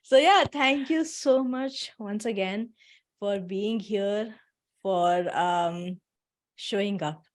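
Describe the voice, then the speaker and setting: A woman's voice: mid-range voice, slow. Chatty woman hosting a video call. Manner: chatty, laughs often, encouraging. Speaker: workshop host. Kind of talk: casual workshop talk on a video call. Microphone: computer mic on a video call.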